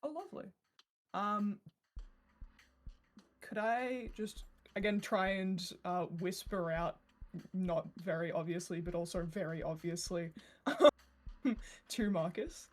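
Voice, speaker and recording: A woman's voice: fairly low pitch, slow pace, pauses often. A woman playing a tabletop game, asking questions playfully and often laughing. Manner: giggly, playful. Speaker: player. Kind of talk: casual tabletop play.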